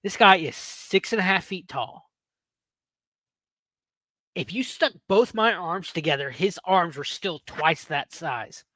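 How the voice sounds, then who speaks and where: A podcast host in his thirties with a bright, forward voice that sits a little high for a man. He tells his story casually and animatedly, with loose swearing and easy laughter. The sound is close and dry. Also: slow pace, long pauses, no room sound. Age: 30s.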